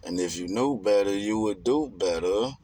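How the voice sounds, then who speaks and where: A man's voice: lowish voice, normal speed, dark tone. A man giving a rambling, emphatic casual monologue in streetwise slang.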